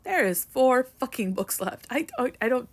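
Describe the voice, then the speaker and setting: A woman's voice: a little high, expressive, moderate pace. A young woman ranting emotionally about a book in a casual vlog, swearing and rambling with lots of "like". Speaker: book vlogger.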